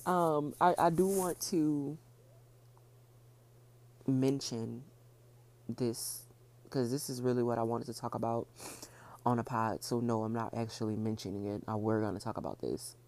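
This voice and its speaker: A woman hosting her own podcast, talking fast and casually, repeating points for emphasis. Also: extremely low pitch, steady tone, darkish tone. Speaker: podcast host. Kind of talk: casual solo podcast talk.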